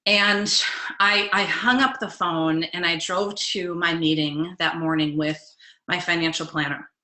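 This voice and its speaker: Bright-voiced woman coaching in an echoey room. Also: lowish voice, steady tone, unhurried. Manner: earnest, direct, asks the audience questions. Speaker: life coach. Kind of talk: motivational webinar talk.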